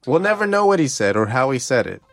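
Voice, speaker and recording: A man's voice: medium pitch, quick pace, gravelly, no room sound. A man co-hosting a casual comedy podcast, joking and laughing through loose banter. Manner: animated, joking, breaks into laughter. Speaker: podcast co-host.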